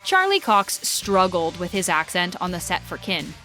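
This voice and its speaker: A woman giving a brisk, upbeat scripted narration for an entertainment video. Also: on the low side, big pitch swings, bright, forceful tone. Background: faint background music.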